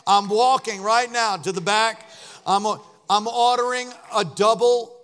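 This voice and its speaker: A man preaching a sermon as pastor, telling a story that swings from hushed tones to loud shouting. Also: high voice, steady tone, unhurried.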